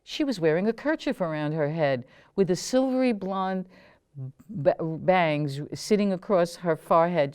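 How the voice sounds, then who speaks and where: A woman, the host and author, reading her own memoir aloud in a slow, deliberate storytelling manner. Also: mid-range voice, a little mellow, clear, resonant tone.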